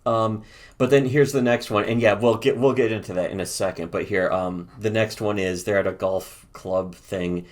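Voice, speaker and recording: A man's voice: lowish voice, steady tone, moderate pace. A man co-hosting a casual comedy commentary show, rambling and profane, laughing as he reads comic lines aloud. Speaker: co-host.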